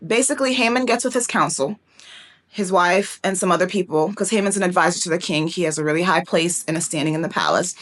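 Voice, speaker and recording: A young woman giving a fast, chatty Bible teaching, playfully acting out the characters as she retells a story. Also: mid-range voice, fairly bright tone. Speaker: prophetic teacher.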